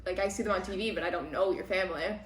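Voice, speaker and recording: A woman's voice: on the low side, very fast. Woman recapping a novel in an echoey room. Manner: retells plot in animated run-on recap. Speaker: podcast co-host. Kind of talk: casual book club chat.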